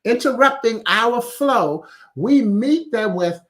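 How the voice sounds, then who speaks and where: A man's voice: very high voice, lively intonation, slow pace, a bit bright. A man hosting a weekly inspirational message in a chatty, casual way, laughing at his own wordplay and reading out viewer comments. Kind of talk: casual motivational talk.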